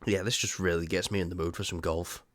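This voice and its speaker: Low-pitched guy joking around on a film podcast, very dry sound. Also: steady tone, fast talker, fairly bright tone, no room sound. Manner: teasing, swears freely. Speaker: podcast co-host. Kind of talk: casual film chat.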